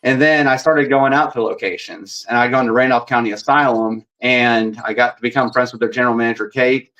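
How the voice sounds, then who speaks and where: A man's voice: mid-range voice, brisk, muffled recording. Male paranormal investigator guest, chatty and rambling, mid-range voice. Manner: rambling, animated, reenacts dialogue. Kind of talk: casual storytelling.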